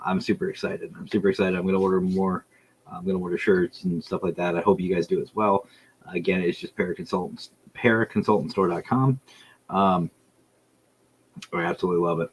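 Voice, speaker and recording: A man's voice: low-pitched, slight background noise, low-quality recording. A man hosting his own podcast livestream, chatting casually and enthusiastically with viewers and reading their messages aloud. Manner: rambling, enthusiastic, reads chat aloud. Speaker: podcast host. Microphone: streaming setup.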